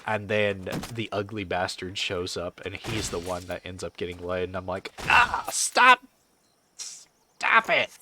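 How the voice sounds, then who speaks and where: A man's voice: deep voice, flat delivery, normal speed, few pauses, very noisy. A man chatting casually on a game stream, rambling and swearing as he answers chat.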